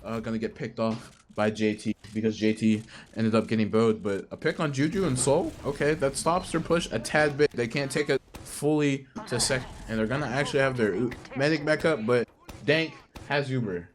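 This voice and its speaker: A man casting a live esports match, excitable and joking, with lots of slang and repetition. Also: mid-range voice, moderate pace. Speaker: esports caster. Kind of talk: live play-by-play commentary.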